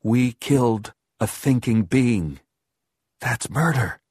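A man voicing a shaken, horrified woman who whispers and rises high when flustered, in a dry audiobook reading. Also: lively intonation, takes it slowly, a little mellow, breathy edge, no room sound.

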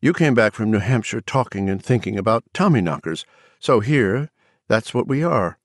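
Brief: male narrator playing an eerily calm possessed woman, condescending, low lively read, dry sound. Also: moderate pace, no room sound. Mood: cool lecturing. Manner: cool and condescending. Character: cold woman taken over by an alien presence. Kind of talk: audiobook character voice.

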